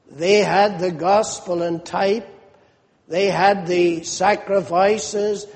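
A man preaching with a high voice and a slow, deliberate pace, leaning hard on key words and rising into animated questions. The sound carries a long hall reverb. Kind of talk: sermon.

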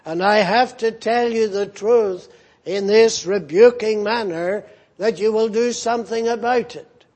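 Male pastor, slow and deliberate sermon delivery, husky tone, earnestly rebuking. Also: sits high, a little mellow. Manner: earnest, rebuking, emphatic repetition.

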